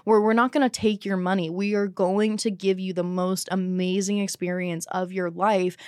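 A woman's voice: medium pitch, little pitch movement, normal speed, a little mellow, no room sound, clean studio sound. A woman speaking as a guest in a candid podcast chat, blunt and heavily profane.

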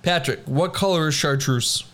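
A man's voice: fairly high pitch, normal speed, a bit bright. A young man co-hosting a casual chat, laid-back and rambling as he reads out trivia. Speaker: podcast co-host.

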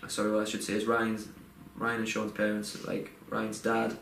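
A young man with a lowish, gravelly, slightly bright voice tells a personal story at a moderate pace in a completely flat delivery. The casual podcast chat is rambling and heartfelt, full of fillers and restarts, with roomy echo and faint background noise.

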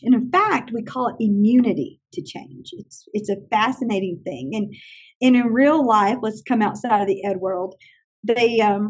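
A woman who trains teachers, telling animated stories in an interview and acting out other people's lines. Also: fairly high pitch, slightly rough. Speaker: teacher trainer and classroom consultant. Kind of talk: conversational interview storytelling.

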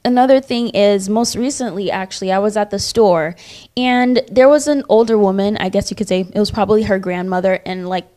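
Woman, casual discussion, animated storyteller, acts out voices, middle pitch. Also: a little fast. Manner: animated storyteller who acts out the voices of people in her stories.

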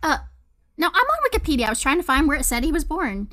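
A woman from Texas co-hosts a podcast in relaxed, casual chat. Her voice sits a little high, and she giggles and jokes easily. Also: fast. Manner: giggly, playful and chatty. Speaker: podcast co-host.

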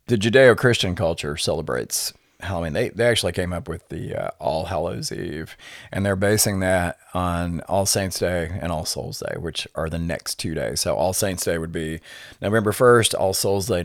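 A middle-aged man, a podcast guest, explaining things in an unhurried, lecturing way with many filler words. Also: low-pitched, no echo, clean studio sound. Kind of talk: conversational explaining.

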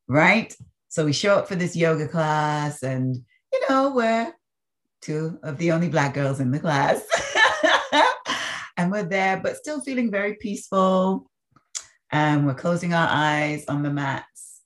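A woman from the Caribbean, a podcast guest telling stories in an animated, expressive way. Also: deep voice. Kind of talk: storytelling in a conversational interview.

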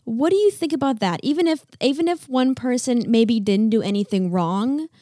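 A woman's voice: fairly high pitch, animated, normal speed, warm tone, no echo, clean studio sound. A young woman in a casual family chat with her parent, talking candidly and asking questions. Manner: candid, chatty, self-questioning. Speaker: adult child of co-host.

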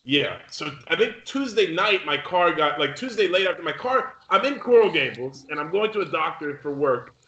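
Podcast co-host, young male, bright animated storyteller, echoey room with muffled sound. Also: fairly high pitch, moderate pace, hardly any pauses. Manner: swearing, animated storyteller acting out other people. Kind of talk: casual storytelling chat.

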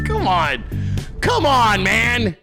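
A man's voice: very high-pitched, wildly swooping pitch, drawn-out words, music in the background. A man hosting a political commentary show, ranting in a crude, sarcastic way with constant swearing and frequent asides to his listeners. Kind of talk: profane unscripted rant.

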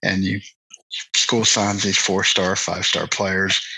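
A man with a low, gravelly and husky voice, co-hosting a casual sports podcast. He rambles, restarts his sentences and laughs easily. His tone is bright, and the sound is dry and close. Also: flat delivery, slow, no room sound, rough recording. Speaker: podcast co-host.

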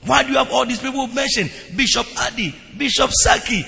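High, gravelly-voiced preacher in an echoing hall. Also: male voice, a little fast. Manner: animated storytelling preaching with repeated exclamations. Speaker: pastor. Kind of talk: sermon. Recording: long reverb of a large hall.

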